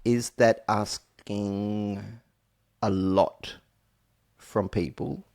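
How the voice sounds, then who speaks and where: A man's voice: fairly low pitch, drawn-out words. A man hosting a podcast in casual chat, joking, restarting his sentences and trailing off. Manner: animated, restarts and trails off, jokey. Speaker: podcast host.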